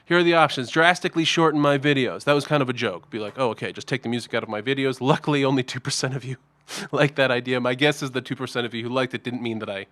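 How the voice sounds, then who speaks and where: A man's voice: medium pitch, quick pace, fairly bright tone, no echo. A man hosting a guitar reaction channel, talking in a chatty, wry way with self-mocking asides. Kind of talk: casual reaction-video commentary.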